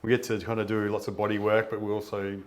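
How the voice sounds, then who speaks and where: A man's voice: fairly low pitch, monotone, fast. Male co-host, easygoing chat, sentences that fade out. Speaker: co-host, bodywork therapist. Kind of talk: casual chat.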